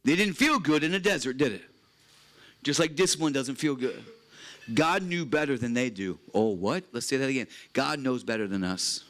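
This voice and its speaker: A pastor giving an earnest, emphatic sermon at a retreat chapel, reading scripture aloud and repeating key phrases. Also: male voice, medium pitch, lively intonation, normal speed, fairly bright tone.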